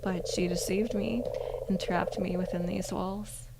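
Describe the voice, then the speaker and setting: A woman softly voicing a suave male crow demon with formal, old-fashioned manners, in a whispered role-play. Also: medium pitch, steady tone, unhurried, creaky, heavy background noise. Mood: silky.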